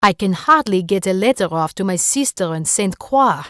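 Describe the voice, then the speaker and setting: A woman's voice: medium pitch, lively intonation, normal speed, fairly bright tone, no room sound, clean studio sound, lightly acted. A woman voicing a friendly, cheerful female neighbor with a French accent. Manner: cheerful and gay.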